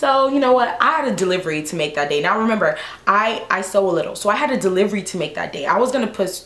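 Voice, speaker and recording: Young woman vlogger, low-pitched, lively and exasperated, roomy echo. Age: 20s. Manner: animated and exasperated, slangy. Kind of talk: storytime vlog.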